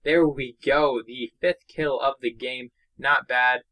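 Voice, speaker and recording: A young man from Boston giving excitable, chatty commentary while playing a mobile game. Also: medium pitch, takes it slowly, rough recording. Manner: excitable, chatty, narrates own moves. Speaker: gaming YouTuber. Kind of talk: let's play commentary.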